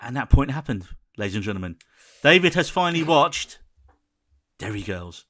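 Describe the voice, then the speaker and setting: A man's voice: mid-range voice, very animated, normal speed, fairly bright tone. A man co-hosting a podcast, chatting casually and leading the conversation with enthusiasm. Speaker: podcast co-host. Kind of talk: casual chat.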